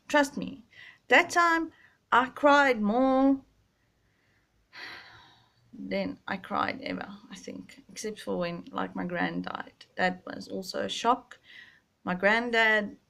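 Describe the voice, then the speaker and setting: A young woman telling a personal story, halting and emotional with many restarts, a little stuffy from her sinuses. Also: medium pitch, gravelly, a bit bright.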